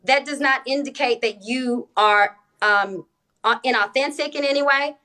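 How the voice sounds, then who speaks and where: A woman with a slightly high voice lays out her points into a phone during a livestream debate. She speaks in a measured, deliberate way, pausing on filler words. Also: bright, forceful tone. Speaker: TikTok live guest. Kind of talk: casual live-stream debate.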